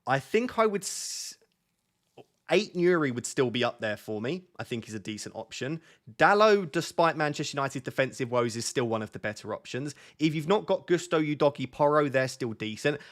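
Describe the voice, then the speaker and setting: A man's voice: mid-range voice, lively intonation, fairly bright tone. Young guy on a live stream, easygoing chatty tips, middle voice. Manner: chatty, reads viewer questions aloud, quick asides. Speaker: fantasy football streamer. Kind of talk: casual live-stream chat.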